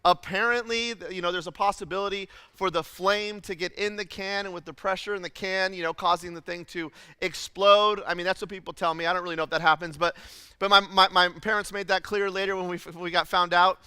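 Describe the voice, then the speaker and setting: High-voiced pastor guy telling a funny story, crisp voice, lots of "like" and "you know", big church reverb. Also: a little fast. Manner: animated, self-deprecating storytelling with many fillers. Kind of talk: storytelling sermon. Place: church auditorium.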